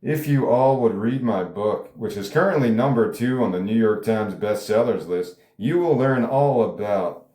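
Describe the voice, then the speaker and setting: A man's voice: lowish voice, lively intonation, normal speed, warm tone, close to an everyday voice. A man reading a meek, preachy male liberal pundit in a script table read, with earnest delivery. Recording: roomy echo.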